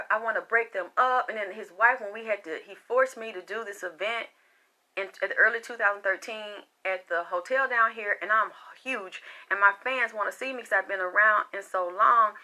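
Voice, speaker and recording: A woman's voice: mid-range voice, normal speed. A woman giving a heated, profane, confrontational rant straight to her viewers. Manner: loud and exasperated. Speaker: spiritual reader and vlogger. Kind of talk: unscripted personal rant to camera.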